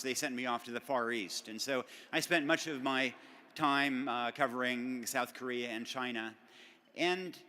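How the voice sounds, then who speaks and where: A middle-aged man stands at a podium and delivers an acceptance speech. His bright voice carries through a large banquet hall with a long reverb tail. He talks in a relaxed, self-deprecating way, with plenty of fillers and restarts. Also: medium pitch. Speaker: award recipient giving a speech.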